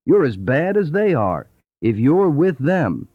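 A man's voice: on the high side, sing-song, measured pace, husky, no room sound, pitched above the performer's own voice, full character voice. A man voicing a stern, unforgiving chicken farmer in a storybook reading, in a firm, lecturing way. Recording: dull lo-fi audio.

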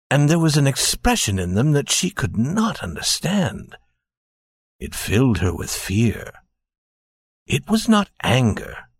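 A man narrating a story slowly and gently, addressing listeners as dear friends. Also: mid-range voice, creaky, breathy edge, dry recording, studio quality.

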